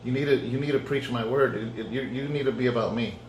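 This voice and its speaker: A man voicing God as a calm, firm male presence correcting him, within a sermon. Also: medium pitch, quick pace, a little hiss or hum, lightly acted. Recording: echoey room.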